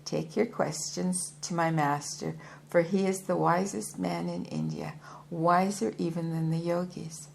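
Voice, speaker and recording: A woman's voice: lowish voice, lively intonation, a little slow, vocal fry, a little hiss or hum, full character voice. A woman reading a proud, formal yogi man. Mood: earnest. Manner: formal and polite, calls listener sir. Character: proud hefty male Indian yogi, ex-soldier.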